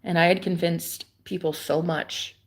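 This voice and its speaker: A young adult woman live streaming a rambling, confiding monologue, dropping to whispers and then rising to loud, profane exclamations. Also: fairly low pitch, fairly even intonation, a little slow, husky. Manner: swings between hushed whispers and loud exclamations.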